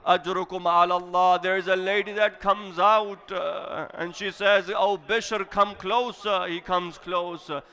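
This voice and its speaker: A man with a strikingly high, bright voice recounts a sorrowful story as a sermon. His pitch stays fairly flat and steady as he narrates, and his storytelling swells into impassioned cries. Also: measured pace, few pauses. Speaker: religious speaker. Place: mosque hall.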